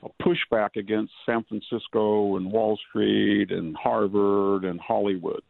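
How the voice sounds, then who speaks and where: Older male guest, low gravelly voice, thin phone-line sound, analytical interview talk. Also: little pitch movement, no room sound. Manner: measured, analytical, digressive. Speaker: guest, historian and author. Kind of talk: political interview. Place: rural California. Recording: dry phone-line audio.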